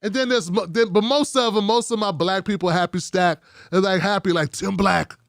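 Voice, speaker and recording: A man's voice: high-pitched, fairly quick, no room sound, studio quality. A man hosting a political commentary livestream, talking in a rambling, profane, wry way.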